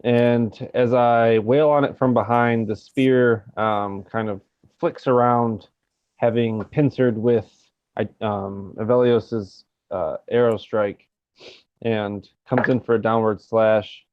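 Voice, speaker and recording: A man's voice: medium pitch, fairly even intonation, slow, clear, resonant tone, no echo, highs cut off. A man playing a tabletop game, describing his character's attacks hesitantly with fillers. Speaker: player.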